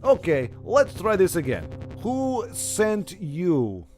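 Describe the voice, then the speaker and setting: A man's voice: high voice, wildly swooping pitch, takes it slowly, darkish tone, faint music behind. Chatty man commenting on a game. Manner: rambling, self-interrupting asides while reading game dialogue. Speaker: gaming video host. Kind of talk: casual let's play commentary.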